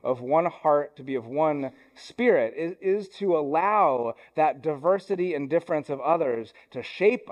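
A young adult man preaching a sermon in a church, conversational, with self-deprecating asides, moving between quick runs and slow, deliberate lines. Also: on the high side, a little mellow, dull audio. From Ohio, US. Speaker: pastor.

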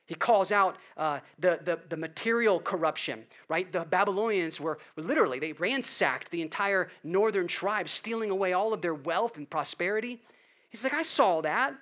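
A man preaching a sermon in an earnest way, rising to loud emphasis and dropping to hushed appeals. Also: high voice, moderate pace. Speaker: pastor.

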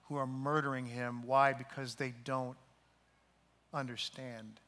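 A man preaching a sermon, telling a story and acting out the voices in it, sometimes dropping to a soft, hushed tone. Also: mid-range voice, level tone, a little slow, a little hiss or hum. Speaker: pastor. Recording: long hall reverb.

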